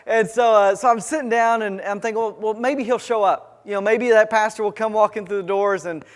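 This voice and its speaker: A male pastor preaching a sermon, telling a personal story in a halting way, full of restarts and fillers. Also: sits high, steady tone. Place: church sanctuary. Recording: church sanctuary with long reverb.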